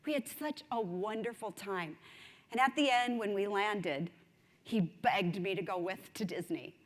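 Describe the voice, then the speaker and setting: A woman giving a conference speech, telling a story in an animated, self-mocking way. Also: medium pitch, measured pace. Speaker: conference speaker. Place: large conference hall. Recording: long hall reverb.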